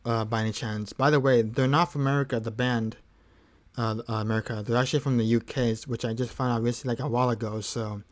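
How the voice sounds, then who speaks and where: A man's voice: medium pitch, fairly even intonation, fast. A man hosting a music livestream, chatting casually between songs in a rambling, laid-back way and chuckling often.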